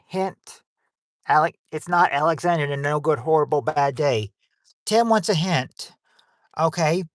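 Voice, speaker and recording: A game show host is running a family game night livestream, reading survey answers aloud while tossing in rambling jokes and crude wisecracks. His voice sits a little high with a fairly bright tone, and the recording is clean studio audio with no room sound.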